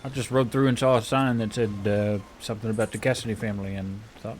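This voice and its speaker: A man playing a frontier healer in relaxed in-character roleplay, rambling and hesitant with many fillers. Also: on the low side, fast, hardly any pauses, slight background noise. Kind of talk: in-character western roleplay chat.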